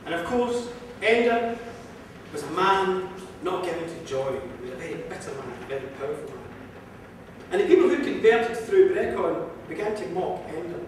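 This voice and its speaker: A man from Ireland tells an old folk tale live in a lilting, rhythmic style, his voice a little high and expressive at a moderate pace. He's recorded from far off in an echoey museum hall. A faint hiss or hum can be heard.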